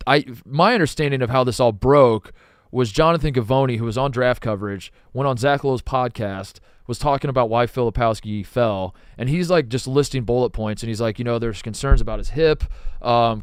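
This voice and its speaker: Male co-host, casual rambling sports talk, clean smooth tone. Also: medium pitch, a little fast, no echo, clean studio sound. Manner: rambling, laughs easily, repeats himself. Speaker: podcast co-host.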